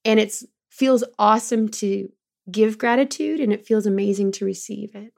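A middle-aged woman talking as a guest in an interview, telling lively stories about leading her team and quoting people in changing voices. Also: mid-range voice, normal speed, gravelly. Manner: animated storyteller, quotes others in changing voices. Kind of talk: conversational interview.

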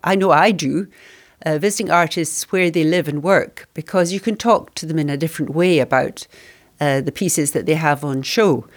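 Older woman artist, calm and dry. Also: sits low, moderate pace, no room sound. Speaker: glass engraver. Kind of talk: interview.

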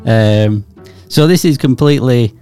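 A man's voice: mid-range voice, measured pace, mellow, soft background music. A man co-hosting a podcast, rambling through jokey, mock-serious theories in casual banter. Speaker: podcast co-host.

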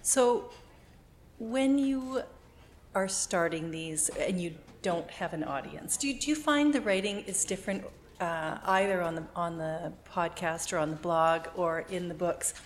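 A woman hosting a podcast interview, encouraging and supportive with quick asides. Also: fairly low pitch, a little hiss or hum. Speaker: podcast host. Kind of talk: casual interview chat.

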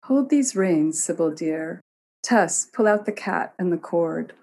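A woman voicing a calm, wild-haired goddess who speaks with amused assurance. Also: on the low side, slow pace, creaky, slight background noise, exaggerated voice.

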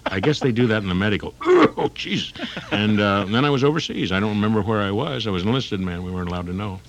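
A man's voice: on the low side, fast, noisy background. An older man, a comedian, rambling and improvising on a talk radio show, slipping into bits with lots of ums. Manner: rambling, jumps into characters, frequent ums. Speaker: comedian guest.

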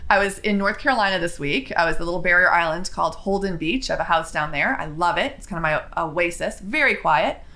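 A chatty woman with a bright, forceful tone tells a casual story. Her talk is animated, with quick asides and restarts. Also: on the low side. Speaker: spiritual vlogger.

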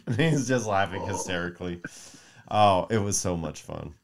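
A man in his thirties, a podcast co-host, telling a long story in casual chat, animated and profane, acting out quotes. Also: on the low side, normal speed, slight background noise. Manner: mimics voices in quotes.

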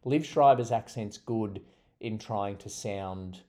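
Low, mellow Australian man chatting. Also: takes it slowly. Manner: chatty, laughs often. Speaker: podcast co-host. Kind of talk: casual chat.

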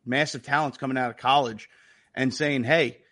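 A man's voice: medium pitch, moderate pace. A man co-hosting a sports podcast, telling stories in casual chat, swearing freely and acting out the people he quotes. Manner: profane, animated storytelling. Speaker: podcast co-host.

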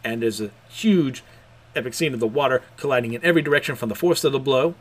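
A young man casually recapping manga chapters, animated and hesitant, with frequent chuckles and fillers. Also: mid-range voice, quick pace. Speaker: manga reviewer.

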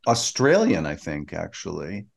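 Lower-voiced man recapping an episode. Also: unhurried, gravelly. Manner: steady, informative, leads the recap. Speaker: podcast co-host. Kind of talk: casual chat, recapping an episode.

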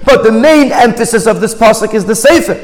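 A man's voice: very high-pitched, animated, brisk. A man teaching a Torah text study, who reads Hebrew lines aloud and then explains them in English. He repeats and restarts words as he reasons aloud. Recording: long hall reverb.

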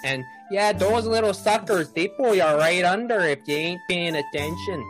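An easygoing village fisherman who drawls and rambles, losing track of his own stories, as a game master puts him on. His voice sits at a middle pitch. Light music plays faintly behind him in this tabletop game. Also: moderate pace, close to an everyday voice. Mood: folksy. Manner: drawling, rambling, loses his train of thought.

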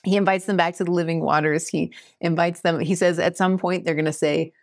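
A woman's voice: on the low side, fairly even intonation, brisk, dry recording, studio quality. A woman in her thirties hosting a podcast, teaching scripture in a casual, earnest way, often laughing and acting out quotes. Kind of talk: casual scripture study talk.

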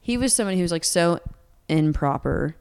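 Young woman in her 20s, songwriter, low smooth voice, talks loose and rambly with lots of likes. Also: lively intonation, a little fast, darkish tone. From Atlanta, United States. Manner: chatty, rambling with many fillers and laughs. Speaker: singer-songwriter guest. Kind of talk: casual interview chat.

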